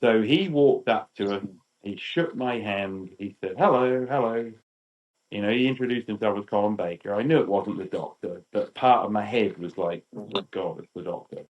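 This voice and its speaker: A British man in his fifties, a podcast guest telling lively anecdotes and acting out quotes. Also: lowish voice, normal speed, muffled recording. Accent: British English. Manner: animated, acts out quotes. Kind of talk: storytelling chat.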